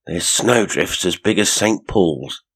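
Brief: male reader as glum bus conductor, low and rough. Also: animated, takes it slowly, exaggerated voice. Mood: gloomy. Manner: gloomy. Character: gloomy male coach conductor.

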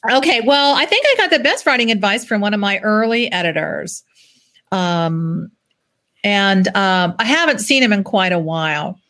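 A woman's voice: medium pitch, expressive, normal speed, fairly bright tone. Chatty woman novelist. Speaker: author. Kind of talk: casual chat.

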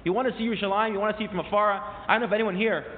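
High-voiced man lecturing in an echoey hall. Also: racing, slight background noise. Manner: animated, retells story with rising emphasis; mixes in quoted source phrases and restarts. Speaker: teacher. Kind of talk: classroom lecture, storytelling. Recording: tinny phone-like sound with long hall reverb.

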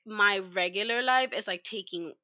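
A young adult woman co-hosting a casual chat podcast, animated and laughing, sometimes dropping into hushed asides, on a close mic. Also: mid-range voice, normal speed, no echo. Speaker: podcast co-host.

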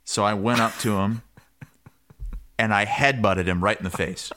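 A man co-hosting a sports podcast, telling a story in casual chat and shouting the quoted lines loudly. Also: on the low side, steady tone, moderate pace. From Iowa. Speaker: podcast co-host.

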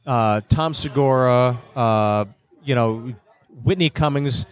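Comedian guest chatting casually. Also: male voice, medium pitch, slow pace, clear, resonant tone. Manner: conversational, profane, restarts. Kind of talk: casual chat. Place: comedy club.

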